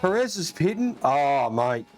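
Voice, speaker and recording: A man's voice: a little high, measured pace, noisy background. Swearing Australian man streaming a racing game. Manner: excitable, swears often, calls everyone mate. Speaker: gaming streamer. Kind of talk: casual live game commentary. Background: game music and engine sounds.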